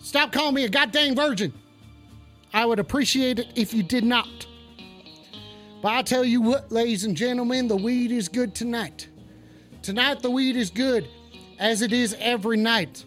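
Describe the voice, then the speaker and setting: A man doing a high, bright-voiced stoned cowboy radio host. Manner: drawling, swaggering, rambling and profane. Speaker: call-in show host. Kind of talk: comedic call-in radio bit.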